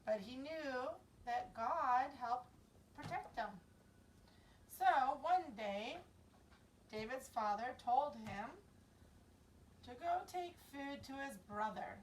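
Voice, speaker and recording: A young woman with a fairly high voice tells a Bible story to children, taking her time and acting out voices and sound effects along the way. Her voice comes from some distance from the mic. A faint room noise sits under it. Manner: slow, expressive, acts out voices and sound effects. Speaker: children's Sabbath school teacher.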